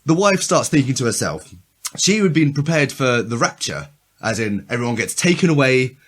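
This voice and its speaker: A man's voice: medium pitch, expressive, moderate pace, husky. A man co-hosting a casual podcast chat who rambles with frequent restarts and a dry, amused, sarcastic tone. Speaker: podcast co-host.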